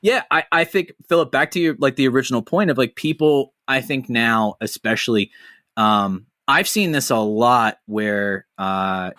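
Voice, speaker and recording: A man hosting a podcast, telling stories in a casual, animated, profane way. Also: mid-range voice, moderate pace, dry recording, clean studio sound. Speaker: podcast host. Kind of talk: casual chat.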